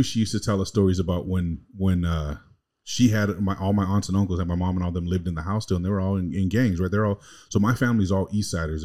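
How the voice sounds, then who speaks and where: A man's voice: deep voice, dark tone. A man co-hosting a podcast, telling a long family story in a rambling, slangy, casual way. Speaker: podcast co-host.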